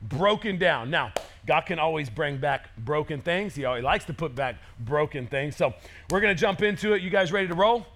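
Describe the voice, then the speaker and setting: A man in his thirties preaching a sermon as pastor, energetic and conversational, acting out quotes. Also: a little high, normal speed, gravelly, slight background noise.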